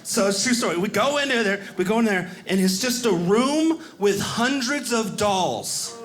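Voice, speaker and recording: A man doing a stand-up comedy set on stage, animated and acting out other people in quick voices. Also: high voice. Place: stage before a live audience. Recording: live club recording with audience noise. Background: audience laughter.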